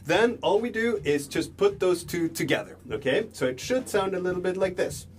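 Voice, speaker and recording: A young man teaching a beginner drum lesson, relaxed, chanting rhythm words slowly as he claps and plays. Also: sits high. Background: drums and backing music.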